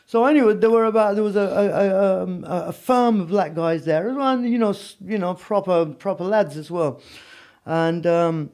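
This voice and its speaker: A man's voice: sits high, normal speed, a little mellow, clear, resonant tone. A man telling prison stories in a casual interview, rambling with lots of "you know what I mean". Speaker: podcast guest.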